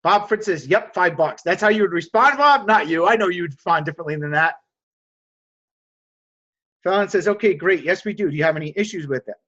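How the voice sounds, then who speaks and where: A man coaching a group on a video call, energetic, reading out answers and acting out little dialogues. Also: high-pitched, fairly quick, highs cut off. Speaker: sales coach.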